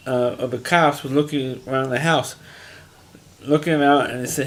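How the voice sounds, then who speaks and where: A man talks through the plot of a crime drama episode in a loose, rambling way, circling back and restarting his sentences as he goes. His voice sits at an ordinary middle pitch, and his delivery is unpolished and conversational. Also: fairly even intonation, moderate pace. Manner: rambling, frequent restarts and fillers, plain-spoken. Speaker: TV episode reviewer. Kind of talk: casual recap monologue.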